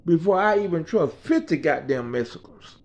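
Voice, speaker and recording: A man voicing a calm, blunt contractor who speaks slowly and matter-of-factly. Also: fairly high pitch, lo-fi sound. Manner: slow, level and matter-of-fact. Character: calm, blunt male contractor boss, middle-aged.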